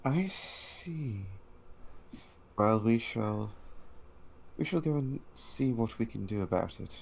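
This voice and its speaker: Man voicing a courtly high elf wizard. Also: expressive, slow, gravelly, slight background noise, low-quality recording. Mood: courteous. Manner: courteous, formal phrasing. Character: refined male high elf wizard, polite and formal.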